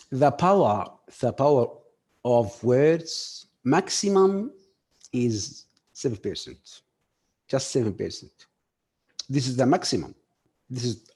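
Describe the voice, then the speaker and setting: A man delivers a workshop lecture at an unhurried, measured pace. His speech is halting and full of fillers, and he often turns to the group with questions. His pitch sits in a mid, ordinary range. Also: a little mellow, breathy edge. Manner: halting, filler-heavy, addresses audience directly. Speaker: communication skills trainer.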